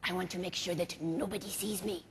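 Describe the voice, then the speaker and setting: A woman impersonating an older male French mime master with a French accent, instructing a student slowly and precisely, heard in a large reverberant hall. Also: on the low side, fairly even intonation, background noise, voice pushed down, natural voice. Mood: instructive. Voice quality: slow, precise, accented delivery with French words.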